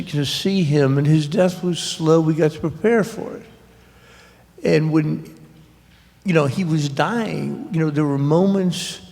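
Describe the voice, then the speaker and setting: A man with a gravelly voice tells a story slowly at a live author event. He rambles, restarts, and pokes fun at himself. His handheld mic sits in a reverberant library hall. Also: a little high, darkish tone. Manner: rambling, self-deprecating, halting with restarts. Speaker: guest author. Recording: echoey hall.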